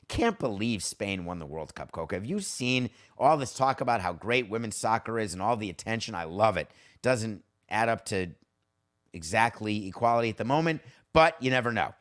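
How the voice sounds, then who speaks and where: A man's voice: on the low side, animated, normal speed, fairly bright tone. A middle-aged man hosting a sports podcast, talking in a blunt, wry, conversational way. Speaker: podcast host. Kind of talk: casual sports talk monologue.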